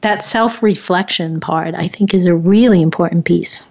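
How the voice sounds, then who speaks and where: A woman guest with a fairly low voice tells a personal story. She sounds relaxed and reflective, and she scatters "like" through her speech. The recording is dull and lo-fi. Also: moderate pace, creaky. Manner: relaxed, reflective, uses many "like" fillers. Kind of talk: casual storytelling.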